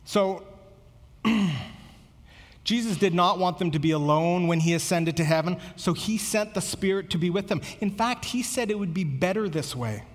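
High-voiced preacher in a reverberant hall. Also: male voice, normal speed. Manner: earnest, conversational preaching with repeated words. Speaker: pastor. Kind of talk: sermon.

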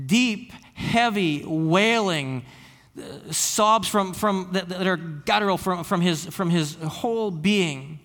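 A man's voice: high voice, a bit bright, big-room sound. A man preaching a sermon as pastor, earnest and often repeating words as he restarts phrases.

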